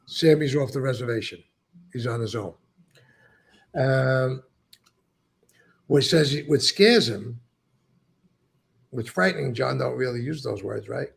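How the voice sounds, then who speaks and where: A man's voice: mid-range voice, a little slow, pauses often. An older man, a former mob member telling stories in an interview and acting out what others said. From New York. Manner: gravelly, profane, tells stories acting out quotes. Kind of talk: conversational interview.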